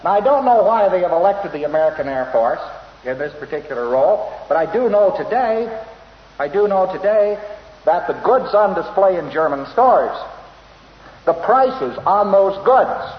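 A man lectures in a wry, storytelling manner, often chuckling at his own asides. His voice sits on the higher side. The old, dull lo-fi tape carries long hall reverb and a faint hiss. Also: animated, normal speed. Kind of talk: informal lecture.

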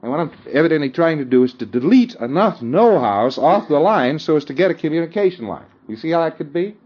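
A man's voice: on the high side, very animated, fast talker, muffled recording. A man giving an informal lecture, often chuckling and checking that his listeners follow him. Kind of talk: conversational lecture.

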